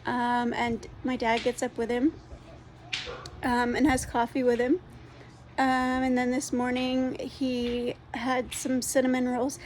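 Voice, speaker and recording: Congested rescue lady rambling into her phone, lots of ums, kinda high voice, faint hiss behind. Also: completely flat delivery, takes it slowly, a little mellow. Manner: rambling, many ums and restarts. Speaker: dog rescue organizer. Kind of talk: casual spoken update to followers.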